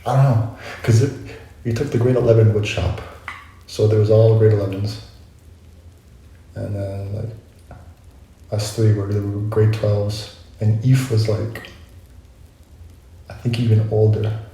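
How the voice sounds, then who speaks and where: Young guy vlogging a story, mellow low voice, echoey room, keeps correcting himself. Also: steady tone, unhurried, long pauses. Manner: rambling, self-correcting, reflective. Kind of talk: casual storytelling monologue. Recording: very echoey room, faint noise.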